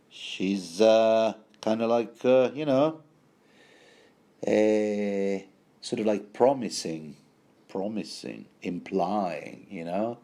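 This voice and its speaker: Rambling, hesitant man with a dark voice. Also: lowish voice, extremely slow. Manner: hesitant, many fillers, self-correcting, playful asides. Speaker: book commentator. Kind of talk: rambling book commentary.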